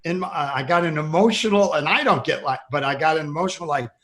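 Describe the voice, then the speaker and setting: An older man hosting a casual comedy chat, telling stories in a rambling, excitable way with many restarts. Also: fairly high pitch, fast talker. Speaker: podcast host and comedian.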